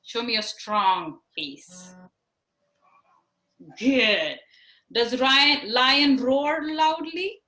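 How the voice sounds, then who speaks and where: A woman teaching a children's yoga class over a video call, patient and encouraging, speaking slowly and clearly. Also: on the high side, sharp tone, far from the mic. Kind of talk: online class instruction for children. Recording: echoey room on a video call.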